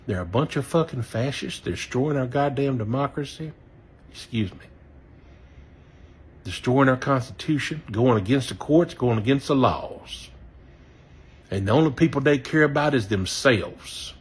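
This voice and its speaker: An expressive, husky, mid-range voice carries this Southern-accented man's angry rant as a voter, at normal speed. He swears repeatedly and sometimes apologizes for how he's talking.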